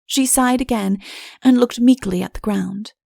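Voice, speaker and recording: A woman reading a storybook as an audiobook narrator, in a measured, clear manner. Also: fairly high pitch, warm tone, no room sound, clean studio sound.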